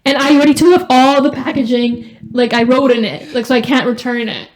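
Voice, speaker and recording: A young woman co-hosting a casual sibling podcast, telling animated stories full of "like". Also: high-pitched, fairly quick, crowd noise. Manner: animated storytelling with lots of "like". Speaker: podcast co-host.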